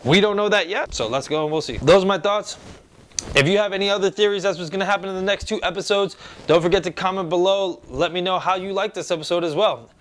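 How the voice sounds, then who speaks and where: Excitable man with a high-ish voice. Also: quick pace, slight background noise. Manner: animated and excitable, acting out quotes. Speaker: host reviewing a TV episode. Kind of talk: casual review vlog.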